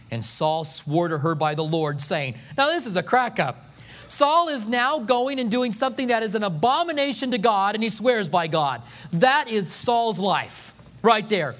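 A man's voice: sits high, lively intonation, moderate pace, a bit bright. A male pastor preaching a sermon, telling a scripture story with humor and acting out the voices of the people in it.

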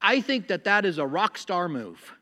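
A man preaching a sermon as pastor, animated, acting out little voices and laughing at his own jokes. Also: high voice, moderate pace, big-room sound.

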